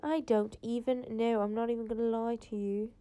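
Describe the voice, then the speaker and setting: A woman's voice: on the high side, level tone, normal speed, dark tone, clear, resonant tone. Chatty teen girl podcaster. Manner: rambling, chatty, lots of "like" fillers. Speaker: podcast host. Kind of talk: casual solo podcast chat. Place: home, late at night.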